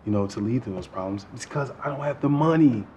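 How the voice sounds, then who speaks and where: Actor doing a middle-aged smooth talker, earnest flirty lines, slightly muffled sound. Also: male voice, mid-range voice, animated, quick pace, a little hiss or hum, lightly acted. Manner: smooth, earnest flirting, drops to hushed tones.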